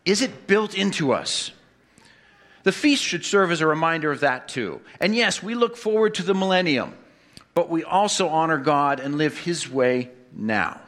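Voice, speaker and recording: Bright-voiced male preacher giving a sermon. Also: on the high side, big pitch swings, normal speed. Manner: asks the congregation questions, wry jokes. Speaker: pastor.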